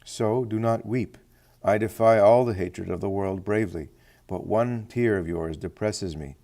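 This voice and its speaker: A man reading the tender, reassuring words of a devoted son, slow and gentle. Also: lowish voice. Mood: consoling.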